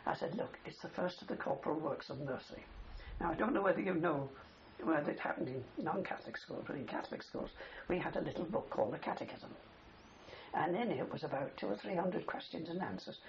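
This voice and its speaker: A dull, faintly hissing older recording captures a veteran's long, rambling wartime story, told to an interviewer with frequent "you see" tags. His voice is on the high side, quick, with vocal fry.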